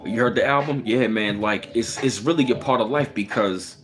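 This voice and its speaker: A man's voice: medium pitch, moderate pace, music in the background. A man with a Baltimore accent, chatting casually on a live stream and greeting viewers by name. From Baltimore, Maryland. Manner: relaxed, greets chat by name.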